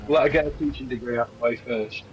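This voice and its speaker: Man, mid pitch, teasing banter, dull lo-fi audio with faint noise. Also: fast. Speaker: guest. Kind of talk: casual livestream chat.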